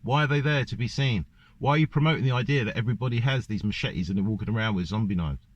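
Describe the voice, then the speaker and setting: A man's voice: lowish voice, fast talker. A man ranting in a monologue to camera, firing off one rhetorical question after another. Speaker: vlogger. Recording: dull lo-fi dry recording.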